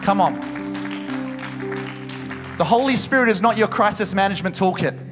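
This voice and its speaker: A young man preaching a passionate sermon at a church service, building to loud exhortation. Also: high-pitched, normal speed, pauses often, faint music behind, a faint crowd. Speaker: pastor.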